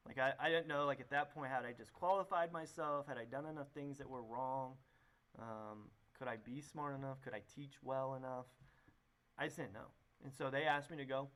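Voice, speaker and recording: A young man who works as a youth pastor tells his story in a casual, rambling testimony full of fillers and restarts. His mid-range voice is fairly bright and steady, at a normal speed.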